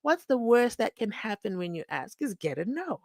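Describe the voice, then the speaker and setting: A woman's voice: fairly high pitch, sing-song, moderate pace, gravelly, dry recording. A young woman from Namibia, hosting a chatty, sarcastic commentary channel that reacts to a court trial. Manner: chatty, sarcastic, acts out the people she quotes.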